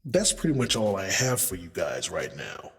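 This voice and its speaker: Low-voiced man giving blunt relationship advice. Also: huge pitch swings, moderate pace, long reverb tail, soft background music. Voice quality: profanity-laced, emphatic. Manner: conversational, acts out quotes, addresses men as brothers. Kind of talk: casual advice monologue.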